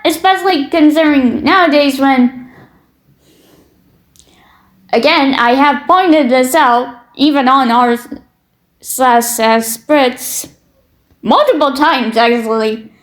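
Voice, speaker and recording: A woman from Britain with a Canadian-sounding accent, reacting to social media posts with blunt, opinionated remarks, swearing freely and stumbling over repeated words as she starts her thoughts. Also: sits high. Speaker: commentary streamer.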